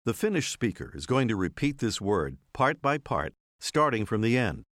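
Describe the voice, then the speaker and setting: Measured male course narrator. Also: fairly low pitch, very animated, a bit bright, dry recording, studio quality. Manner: clear, measured teacher's delivery. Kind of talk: scripted instructional narration.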